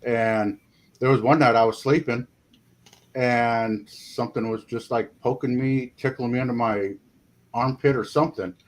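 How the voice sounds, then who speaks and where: A man talking as a paranormal investigator guest in a casual interview, rambling and folksy, filling pauses with "you know". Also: medium pitch, fairly even intonation, slight background noise.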